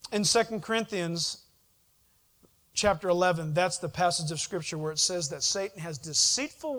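A man preaching a sermon to a congregation, animated, often putting questions to the listeners and answering them himself. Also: high voice. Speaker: pastor.

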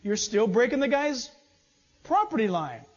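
A man preaching a sermon as pastor, animated, swinging between loud urging and low asides. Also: unhurried, husky, highs cut off.

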